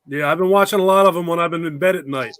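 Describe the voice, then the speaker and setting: A man chatting as a guest in an online call, candid and blunt, with casual swearing. His voice runs a little high. The sound is dry and close, with no room echo. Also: rapid-fire, a bit bright. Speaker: guest, video creator. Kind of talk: casual chat.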